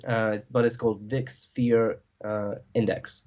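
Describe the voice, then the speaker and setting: A man's voice: medium pitch, level tone, slow pace, muffled recording. A man hosting a podcast in casual conversation, rambling with lots of filler words. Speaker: podcast host.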